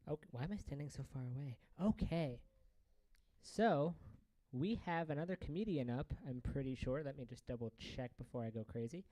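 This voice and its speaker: A man's voice: medium pitch, expressive, moderate pace, warm tone, no room sound. A man hosting an open mic, introducing acts with loose, self-deprecating banter.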